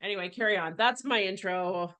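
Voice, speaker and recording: A woman's voice: mid-range voice, fairly quick, sharp tone. Sarcastic woman co-hosting a podcast. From Canada. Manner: dry, sarcastic. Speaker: podcast co-host. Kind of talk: casual chat.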